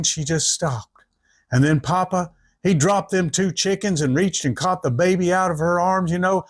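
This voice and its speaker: A man, telling a folksy story in rural dialect and acting out each character's voice. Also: high voice.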